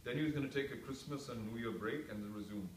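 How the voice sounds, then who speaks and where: A man's voice: medium pitch, fast. A man who is an actor, telling anecdotes to a reunion audience in a chatty, self-mocking way full of asides. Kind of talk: casual anecdotal storytelling. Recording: echoey room, distant mic, faint background noise.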